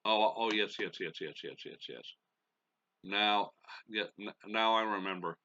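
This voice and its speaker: Slow-talking man narrating a baseball game. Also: lowish voice, pushed and bright, highs cut off, slight background noise. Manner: muttering to himself, folksy exclamations. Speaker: gaming channel host.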